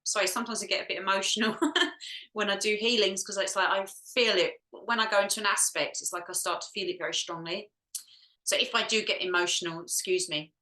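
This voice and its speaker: A woman leading a group healing session, musing softly and talking herself through each step, at times close to tears. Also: medium pitch, steady tone, fairly quick, reverberant, low-quality recording. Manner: soft, musing, talks to herself while checking. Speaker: energy healer.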